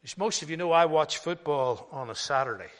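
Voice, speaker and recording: An older man preaching a sermon as pastor, emphatic, swinging between loud stresses and hushed asides. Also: on the high side, brisk. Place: church hall. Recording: long hall reverb.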